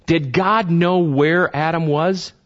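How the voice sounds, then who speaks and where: A man's voice: a little high, fairly even intonation, takes it slowly, fairly bright tone, muffled recording. A man preaching a conversational sermon in church. He often stumbles over repeated words and throws questions to the congregation. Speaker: pastor.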